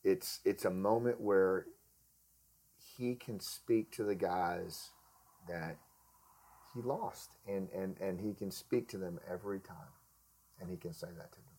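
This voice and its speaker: Low-voiced man hosting a podcast. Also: a little slow, long pauses, dark tone. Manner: affirming, asks long rambling questions. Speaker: podcast host. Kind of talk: casual interview conversation.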